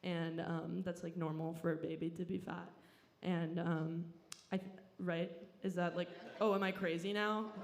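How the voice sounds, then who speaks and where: A woman's voice: lowish voice, little pitch movement, unhurried, vocal fry, a little hiss or hum. Rambling self-deprecating woman comedian. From Southern California. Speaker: stand-up comedian. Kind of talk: stand-up comedy set. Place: comedy club stage.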